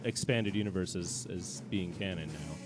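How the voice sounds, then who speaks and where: A man co-hosting a podcast in casual chat, animated and quick to laugh. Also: low-pitched, soft background music. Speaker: podcast co-host.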